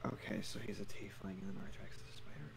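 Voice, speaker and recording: A man playing a tabletop game speaks with urgency and a commanding tone. His voice has a gravelly edge. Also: low-pitched, fast talker, noisy background. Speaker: player.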